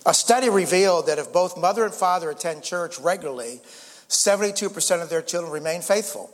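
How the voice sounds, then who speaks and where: A man's voice: high voice, fast talker, in a large hall. An older man preaching a sermon as pastor, earnest, often repeating words and rising for emphasis. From United States.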